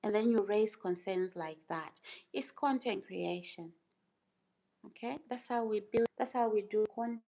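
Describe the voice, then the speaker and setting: On a low-quality recording, a YouTuber hosts her livestream in a warm, mid-range voice with vocal fry, speaking a little slowly. She's casual yet emphatic with her chat, repeating herself and asking rhetorical questions.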